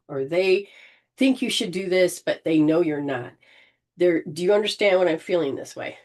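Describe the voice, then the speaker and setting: A woman leading an informal spiritual healing session, gently coaching and often restarting her sentences. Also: lowish voice. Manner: rambling, with frequent restarts and throat clearing.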